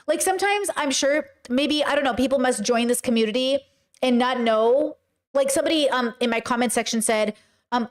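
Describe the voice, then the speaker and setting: High-pitched woman host; chatty commentary, lively, throws in mocking impressions. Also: normal speed. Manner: animated, often puts on mocking voices. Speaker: podcast host reacting to a video. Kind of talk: casual commentary with live chat.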